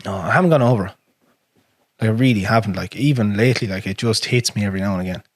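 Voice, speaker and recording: An Irish man hosting a podcast, talking frankly and with plenty of swearing, his voice sinking low and quiet on hard memories. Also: fast, dry recording, studio quality. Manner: frank and profane, drops to a near whisper on painful memories. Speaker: podcast host. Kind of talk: casual conversation.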